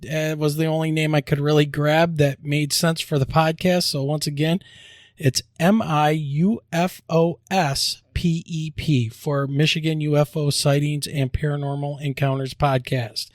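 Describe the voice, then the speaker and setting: A man hosting a podcast, joking around and spelling out web addresses slowly. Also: a little high, level tone, dry recording, studio quality. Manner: upbeat, jokey promo delivery, spells out web addresses slowly. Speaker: podcast host. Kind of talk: casual podcast chat and announcements.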